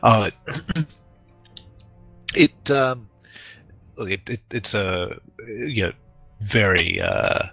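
A man playing a tabletop game, talking haltingly with many fillers. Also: fairly low pitch, expressive, creaky, a bit bright, soft background music. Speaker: player. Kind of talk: casual tabletop play. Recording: dull lo-fi recording.

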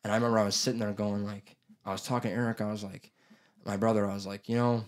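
A man's voice: fairly low pitch, little pitch movement, very fast. A young man telling a story in casual chat, rambling, swearing often and acting out what people said. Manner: rambling, swears a lot, acts out quotes.

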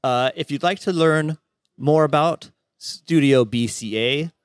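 A man's voice: a little high, clear, resonant tone, no room sound, clean studio sound. Man hosting a podcast interview. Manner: friendly, spells out names slowly. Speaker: podcast host. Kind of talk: interview wrap-up.

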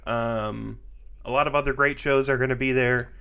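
A man's voice: mid-range voice, fairly even intonation, moderate pace, gravelly, sharp tone, clear, resonant tone. A man co-hosting a podcast in casual chat, chuckling often and plugging upcoming shows. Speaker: podcast co-host.

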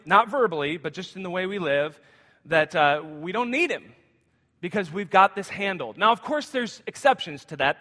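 A man's voice: high-pitched, pushed and bright, in a large hall. A man in his thirties preaching a guest sermon, casual and conversational, telling family stories with asides. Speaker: guest pastor. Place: school auditorium used for church.

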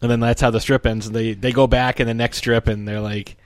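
A man's voice: mid-range voice, brisk, dry recording, clean studio sound. A man talking casually and animatedly, retelling comic strips and briefly acting out the characters' voices. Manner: animated storytelling, acts out the characters' lines.

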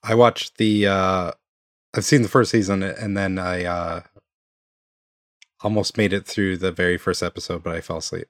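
A man co-hosting a casual podcast chat, laid-back and quick to laugh. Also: sits low, steady tone, dry recording, studio quality. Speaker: podcast co-host.

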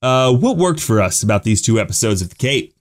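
A man hosts a podcast discussion at a middling pitch, stopping and restarting. He pulls the others into the talk with loose, unhurried questions. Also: very animated. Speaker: podcast host. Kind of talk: casual chat.

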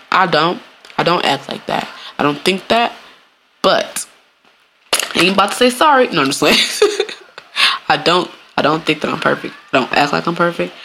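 A woman's voice: low-pitched, gravelly, bright, forceful tone, a little hiss or hum. A woman, hosting a casual solo podcast, talking bluntly and profanely, laughing often and acting out quoted voices. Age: 30s. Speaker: podcast host.

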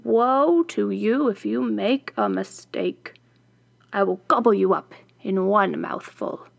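A woman voicing a furious, scheming witch who shrieks orders and hisses low threats, in a slow storybook reading. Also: vocal fry, no echo, full character voice. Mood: low menacing. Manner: menacing, shifts between shrill shouts and low hissing threats.

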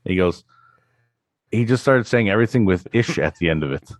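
A man's voice: fairly low pitch, lively intonation, brisk, no echo, clean studio sound. A man co-hosting a podcast in casual chat, easygoing and self-deprecating as he tells stories. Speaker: podcast co-host.

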